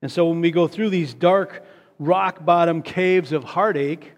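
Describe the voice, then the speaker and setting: A man's voice: fairly high pitch, a little slow. Earnest preacher man in a reverberant hall. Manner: earnest, repeats words when stressing a point. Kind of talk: sermon.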